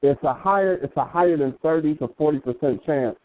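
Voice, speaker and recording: Guy co-hosting a radio talk show, slow and deliberate, makes his point hard, phone-line sound. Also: a little high. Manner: deliberate, measured and emphatic, with restarts.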